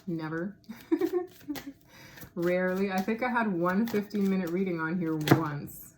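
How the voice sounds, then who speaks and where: Low-voiced woman musing through a tarot reading. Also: expressive, slow pace, a little mellow, slight background noise. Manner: musing, thinks aloud, laughs often. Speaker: tarot reader. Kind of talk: casual tarot reading monologue.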